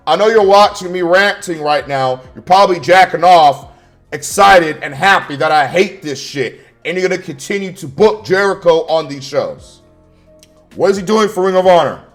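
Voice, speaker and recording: Swearing, fired-up male wrestling reviewer. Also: fairly high pitch. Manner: angry, sarcastic, frequent swearing. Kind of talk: profane ranting review.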